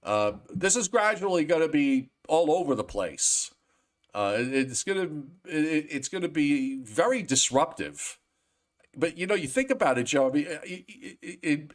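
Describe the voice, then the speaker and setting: A man's voice: on the high side, big pitch swings, normal speed. An older man hosting a live weather show, chatting casually and rambling with many restarts. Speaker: meteorologist host. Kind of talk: casual chat.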